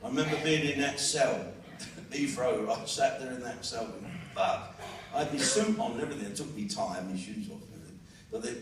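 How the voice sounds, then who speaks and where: A man's voice: medium pitch, a little hiss or hum. A man in his fifties with a South London accent, performing a brash, crude stand-up routine full of swearing. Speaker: stand-up comedian. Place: live venue with an audience. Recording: echoey venue audio from far off.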